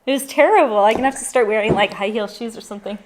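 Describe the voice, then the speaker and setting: A woman's voice: fairly high pitch, very fast, background noise. A Canadian woman in her forties hosting a live Q&A for her family's travel channel, talking in an upbeat, chatty way and stringing her thoughts into long lists. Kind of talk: live Q&A chat.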